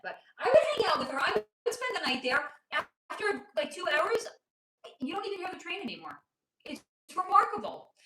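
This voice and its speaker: A woman's voice: extremely high pitch, normal speed, roomy sound, low-quality recording. A woman from the United States chatting casually on a livestream as a psychic reader, rambling and swearing. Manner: animated, swearing, rambling asides.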